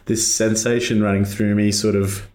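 A man playing a tabletop game, chatting in a lively way about his character. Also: fairly low pitch, normal speed. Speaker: player.

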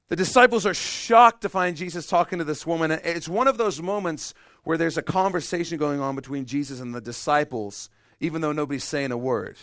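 A middle-aged male pastor preaching a sermon, telling stories with self-deprecating humor and swinging between loud emphasis and hushed, quiet stretches. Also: a little high, lively intonation, brisk, no echo, clean studio sound.

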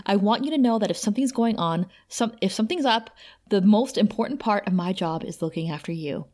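Animated woman recapping an episode. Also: medium pitch, brisk. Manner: animated, retells scenes quoting characters. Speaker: podcast co-host. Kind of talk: casual recap chat.

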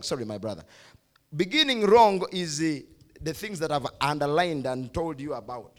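Ugandan pastor preaching to young people, emphatic, keeps repeating himself, a bit higher voice. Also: male voice, sing-song, normal speed. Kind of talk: sermon to a youth service. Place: church hall.

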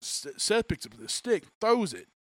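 A man's voice: sits high, normal speed. A man telling profane stories in a casual chat, acting out the quotes. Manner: profane, animated storytelling with acted-out quotes.

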